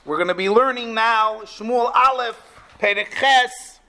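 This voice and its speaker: A man with a very high, bright voice teaching a Torah class. He explains the verse with energy and acts out the speakers in it. His tone is lively and expressive. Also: unhurried. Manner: animated, acts out quotes.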